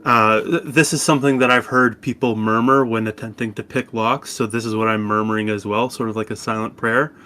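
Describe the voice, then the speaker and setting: A man playing in a tabletop game, making joking deadpan asides. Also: mid-range voice, fairly quick, few pauses, a little hiss or hum. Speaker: player.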